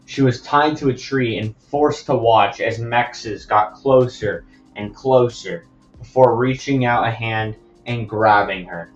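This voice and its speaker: A young man narrates a story casually, rambling and chatty with many asides. His voice sits mid-range for a man. A muffled lo-fi mic and faint music sit behind him. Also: medium pitch. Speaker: fan storyteller.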